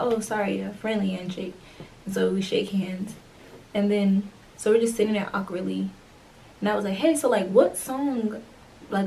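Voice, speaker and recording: Animated young woman telling a story. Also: mid-range voice, creaky, far from the mic, a little hiss or hum, low-quality recording. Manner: animated, acts out dialogue, slangy. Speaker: vlogger. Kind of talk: casual storytime.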